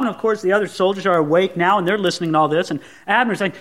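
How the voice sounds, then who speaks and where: A man's voice: sits high, lively intonation, quick pace, hardly any pauses, a bit bright. A man preaching a sermon as pastor, retelling the scene dramatically and acting out the people in it. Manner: dramatic, acts out the scene in voices.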